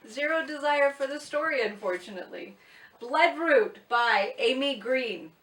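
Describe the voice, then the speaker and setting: In this book vlog, a woman with a high, animated voice talks at a measured pace, her tone fairly bright. She's a booktuber, chatty and blunt, with a self-mocking streak. Room echo is audible, since the mic is placed at a distance.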